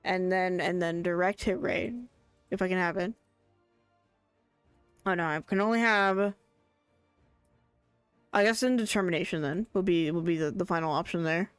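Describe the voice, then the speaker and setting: A woman's voice: fairly low pitch, moderate pace, pauses often, clear, resonant tone, no echo, faint music behind. Chatty woman streaming a game. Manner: chatty, excitable, thinks aloud and restarts a lot. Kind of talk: casual live gaming commentary.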